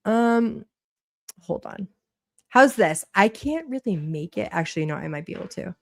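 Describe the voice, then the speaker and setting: A woman's voice: mid-range voice, animated, moderate pace, creaky, dry recording, studio quality. A woman with a Boston accent hosting a casual livestream, chatty and blunt, swearing freely while she reads a court document aloud. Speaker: livestream host.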